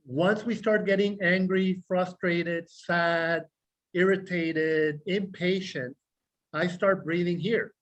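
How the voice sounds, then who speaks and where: A man, a clinical psychologist, explaining self-regulation to a group in a measured way, listing words slowly and asking questions. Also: high voice, steady tone, fairly bright tone, low-quality recording. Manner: measured, repeats key words in slow lists; speaks directly to listeners, asks rhetorical questions. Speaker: clinical psychologist teaching a meditation class.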